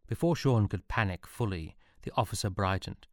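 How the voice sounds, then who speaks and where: A man reads a story aloud in an expressive way, giving each character its own voice. His natural voice is low. The recording is dry and close, with no room echo. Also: moderate pace, hardly any pauses. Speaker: narrator. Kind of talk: storybook reading.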